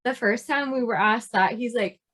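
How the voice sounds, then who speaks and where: A woman from the United States co-hosting a podcast in casual chat, relaxed as she reads out listener questions. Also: on the high side, moderate pace. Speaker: podcast co-host.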